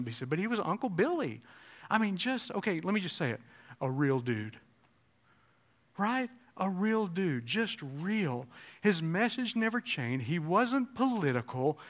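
Impassioned preacher man, from shouts to hush. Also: on the high side. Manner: swings from shouting to hushed tones. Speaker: pastor. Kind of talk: sermon.

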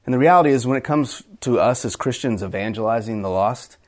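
A man's voice: mid-range voice, a little fast, darkish tone. A middle-aged man preaching a sermon in an earnest way, often repeating words as he restarts his phrases. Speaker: pastor.

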